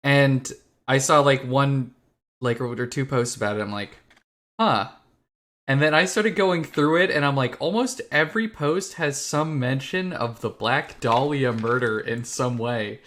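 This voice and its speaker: A man's voice: medium pitch, a little slow, fairly bright tone. A young man co-hosting a podcast in casual chat, laid-back and wry, swearing now and then. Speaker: podcast co-host.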